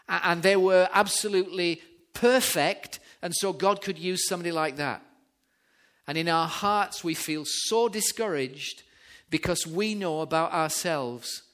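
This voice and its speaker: A man's voice: fairly high pitch, fairly bright tone. A man preaching a sermon in an emphatic, storytelling way, repeating his key phrases. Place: church.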